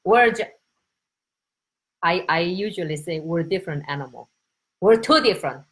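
A woman from Korea with a Korean accent, a Korean teacher giving a casual, excitable and spontaneous live-stream lesson. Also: on the low side, normal speed. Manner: excitable, laughing, chatty and spontaneous.

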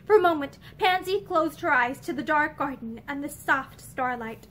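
A woman reading a novel aloud in an expressive, measured way, recorded indoors in a room with bookshelves. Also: sits high, a little hiss or hum. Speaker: reader.

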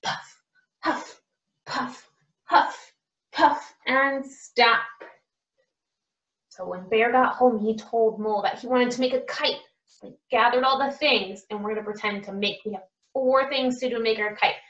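With a slightly bright, higher-pitched voice, a speech teacher sounds out the words of a picture book slowly and emphatically for young children. The sound is lo-fi.

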